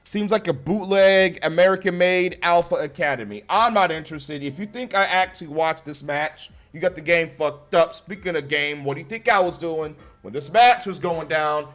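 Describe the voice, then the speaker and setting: A man's voice: fairly high pitch, animated, normal speed, few pauses, a bit bright. Blunt, foul-mouthed man ranting. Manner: blunt, sarcastic, swears heavily. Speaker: wrestling show reviewer. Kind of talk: profane ranting review.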